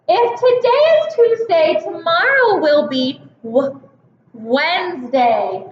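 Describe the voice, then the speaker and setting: A young woman teaching a kindergarten calendar lesson, slow, sing-song and encouraging, stretching out her words. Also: extremely high pitch, expressive, reverberant, highs cut off, slight background noise.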